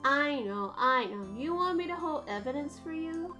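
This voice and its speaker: A woman's voice: high voice, animated, normal speed, sharp tone. A woman voicing a bubbly teenage girl who teases her older sister in a perky way. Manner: perky, teasing. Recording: game music behind.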